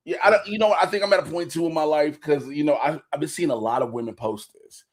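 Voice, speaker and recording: A man's voice: fairly high pitch, fast, hardly any pauses. A man in his forties co-hosting a casual livestream, joking loosely and reading out donor messages. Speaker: podcast co-host.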